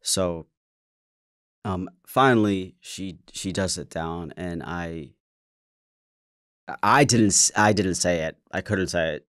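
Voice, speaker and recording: Low-voiced man telling a personal story. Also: slow, long pauses, a bit bright, no room sound, clean studio sound. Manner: candid, swears freely, stammers and restarts. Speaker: podcast host. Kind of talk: casual storytelling.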